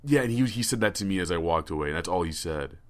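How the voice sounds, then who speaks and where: A man's voice: sits low, animated, fast. A man telling a rambling, profane story on a casual podcast, stammering and restarting often. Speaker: podcast co-host.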